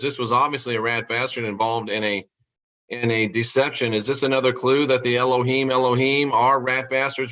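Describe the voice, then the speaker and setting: A man hosting a podcast, talking through scripture in a monologue, repeating key lines and slowing down to stress words. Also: medium pitch, bright, forceful tone. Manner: rhetorical questions, emphatic repetition. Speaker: podcast host.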